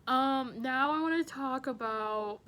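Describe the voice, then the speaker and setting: Young woman in her twenties, bright and a little high, chatty and filler-heavy, faint rumble behind. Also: takes it slowly. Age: 20s. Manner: warm, chatty, many fillers like "you know". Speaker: teaching assistant. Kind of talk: casual farewell message to students.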